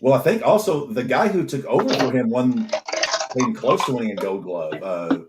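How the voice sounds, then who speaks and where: A man's voice: medium pitch, expressive, normal speed, very noisy. A man co-hosting a casual podcast, rambling with many restarts and frequent swearing. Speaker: podcast co-host. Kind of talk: casual chat.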